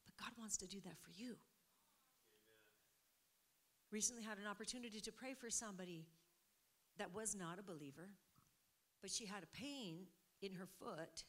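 A middle-aged woman preaching, telling a testimony in an animated way and acting out what people said. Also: mid-range voice, moderate pace, pauses often. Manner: animated storytelling, acting out quotes, laughing. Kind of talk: sermon testimony.

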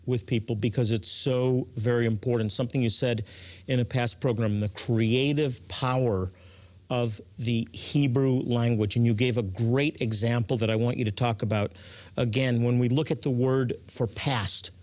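A man's voice: mid-range voice, steady tone, moderate pace, darkish tone. A man hosting a religious television talk program, speaking earnestly and stressing to viewers why the point matters. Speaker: host.

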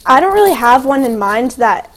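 A teenage girl chatting in an interview, telling excited stories full of "like" and "um". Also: high-pitched, moderate pace. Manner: chatty, filler-heavy, excitable storytelling. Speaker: guest, young singer and actress. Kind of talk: casual interview chat.

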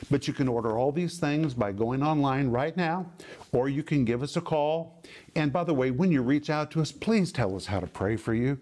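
A man hosting a televised Bible teaching program, speaking in an emphatic, deliberate preaching cadence. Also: medium pitch, darkish tone.

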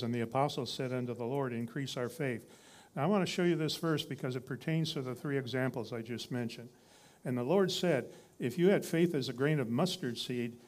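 A man's voice: medium pitch, darkish tone. A man preaching a sermon in a conversational teaching style, reading scripture and building to emphatic repeated lines.

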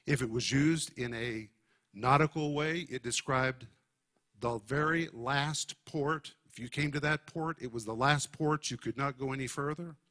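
A man preaching a Bible teaching at a steady middle pitch. He leans hard on key words and slows down to drive each point home. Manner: emphatic, deliberate teaching with stressed key words. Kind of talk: sermon.

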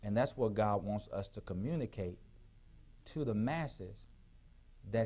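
A male pastor preaching a sermon in a church, with call-and-response questions to the congregation, sometimes rising to shouts. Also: on the low side, lively intonation, unhurried, pauses often, breathy edge. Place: church sanctuary.

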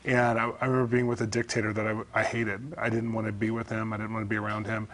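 A man's voice: on the low side, little pitch movement, a bit bright. A man as a guest author, earnestly telling stories from his life in an interview. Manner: fast, earnest storytelling.

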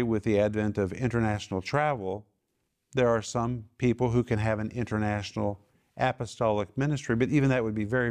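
A man's voice: fairly low pitch, a little mellow. A man teaching the Bible to a small home group, emphatic and fond of repeating key phrases and quizzing his listeners. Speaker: Bible teacher and TV ministry host.

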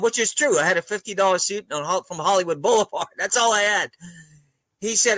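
An older man being interviewed as a guest author, telling anecdotes in a relaxed way and chuckling often. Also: sits high, fairly quick, dry recording, rough recording.

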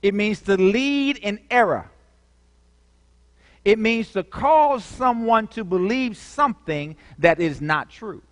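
A man preaching a lively sermon, calling out to the congregation with dramatic swings in volume. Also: sits high, slow pace, big-room sound. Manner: animated, call-and-response, dramatic shifts in volume.

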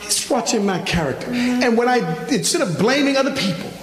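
A man preaching a sermon, telling a personal story in an animated way and acting out his own phone calls. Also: very high-pitched, fairly quick. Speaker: pastor. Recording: echoey church hall from far off.

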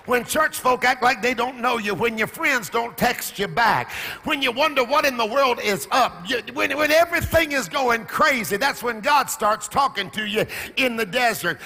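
Male pastor, high bright gravelly voice, fiery call-and-response sermon in a reverberant church hall. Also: normal speed. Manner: impassioned, call-and-response preaching with shouts and sung phrases.

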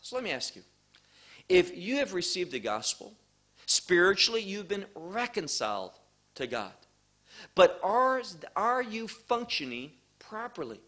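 A man preaching a sermon, slow and emphatic, posing questions to the congregation. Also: high-pitched, sing-song, a bit bright.

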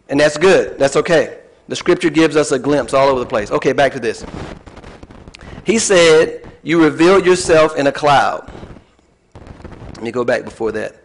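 A man preaching a casual, conversational sermon to a congregation, with rambling asides and questions to the room. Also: fairly high pitch. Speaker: pastor.

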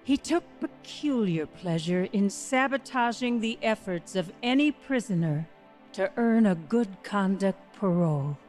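A woman narrating a true dramatization in a measured, grave storytelling voice. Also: mid-range voice, lively intonation, a little mellow, soft background music. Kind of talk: scripted narration.

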